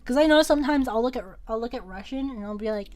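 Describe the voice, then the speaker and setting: A woman's voice: a little high, fast, darkish tone. A young woman streaming from home, chatting casually and rambling as she draws, often laughing and repeating words. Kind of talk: casual chat while drawing on stream.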